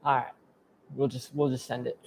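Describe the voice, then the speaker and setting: A man's voice: medium pitch, flat delivery, normal speed, a little mellow, slight background noise. A man running a livestream, chatty and laid-back, talking to viewers in the chat. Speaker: livestream organizer.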